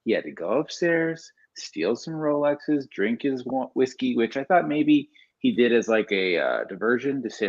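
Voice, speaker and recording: A man co-hosts a podcast with dry jokes and teasing, his pitch swinging widely. His audio is dull and lo-fi, as if on a remote link. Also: sing-song, moderate pace, few pauses. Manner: joking, sarcastic. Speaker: podcast co-host. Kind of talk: casual chat.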